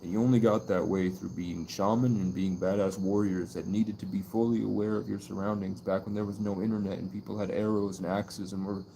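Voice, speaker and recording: A man with a lowish, dark voice and vocal fry rambles with viewers on a livestream outdoors at night, with slight background noise. He swings erratically between mystical musing and mock-angry, profane rants.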